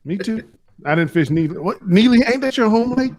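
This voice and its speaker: A man's voice: high voice, lively intonation, brisk, a little mellow. A man hosting a casual show, joking and teasing his guests in slangy banter. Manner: joking, slangy, says "bro" often. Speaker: show host.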